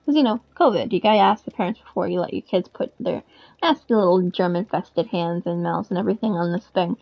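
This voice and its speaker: A woman's voice: fairly high pitch, brisk, vocal fry. A young adult woman telling a story in a rambling, casual way, frank and swearing freely. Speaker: gaming vlogger. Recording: dull lo-fi recording.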